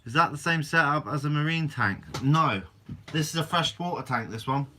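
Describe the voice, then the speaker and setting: A young man hosts a casual live stream, reading out viewer questions and answering them in an easygoing, chatty way. His voice is bright and forward, sitting a little high for a man. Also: moderate pace, slight background noise. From Guernsey, Channel Islands. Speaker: fishing channel host.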